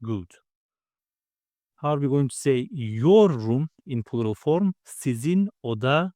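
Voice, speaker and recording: A man teaching a grammar lesson, explaining patiently step by step and repeating words slowly. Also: mid-range voice, lively intonation, dark tone, no room sound. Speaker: language teacher.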